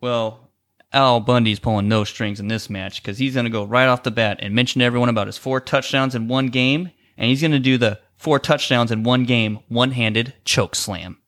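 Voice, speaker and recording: A man's voice: mid-range voice, normal speed. A man co-hosting a casual podcast, calling a joke wrestling game with lots of laughs. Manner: jokey, animated, laughs often. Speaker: co-host. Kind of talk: casual play-by-play banter.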